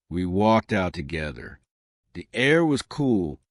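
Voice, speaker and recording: Man, storybook narrator, lowish voice, slow and measured, dry close recording. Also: very animated, dry recording. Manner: plain short sentences, measured. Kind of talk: scripted storybook narration for English learners.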